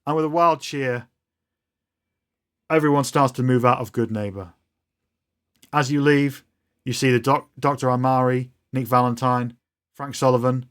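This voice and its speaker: A man narrating a tabletop role-playing game as game master, describing scenes in a loose, storytelling way. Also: medium pitch.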